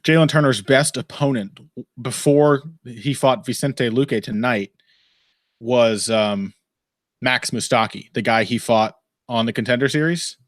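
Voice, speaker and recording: Using headphones and a desk mic, a male podcast host rambles through a casual live fight commentary stream, wry, swearing freely and often laughing. His mid-range voice is a little slow. The recording is dry.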